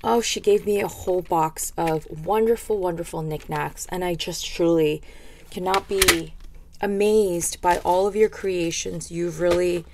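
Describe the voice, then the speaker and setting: A woman's voice: fairly low pitch, steady tone, measured pace, noisy background. A woman hosting a craft vlog, gushing and rambling as she unboxes a package of handmade gifts. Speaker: craft video host. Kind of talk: casual unboxing chat.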